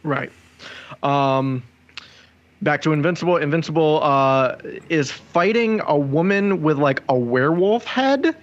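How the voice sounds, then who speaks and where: A man's voice: fairly high pitch, lively intonation, a little slow, lo-fi sound. A man co-hosting a podcast, retelling scenes step by step in casual chat. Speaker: podcast co-host.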